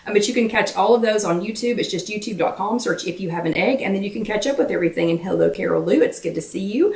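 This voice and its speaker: A woman with a Southern US accent hosts a live chat, talking fast and greeting viewers by name, her voice still slightly irritated. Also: medium pitch, creaky, darkish tone, reverberant, recorded from a distance. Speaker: host of a live weight-loss chat.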